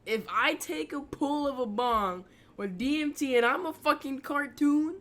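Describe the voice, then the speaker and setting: A woman vlogger giving casual reaction commentary, excited and swearing often. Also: high voice, measured pace.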